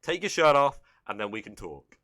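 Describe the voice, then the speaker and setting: A man's voice: medium pitch, big pitch swings, normal speed, pushed and bright. A man hosting a casual livestream commentary, incredulous and sarcastic, swearing freely.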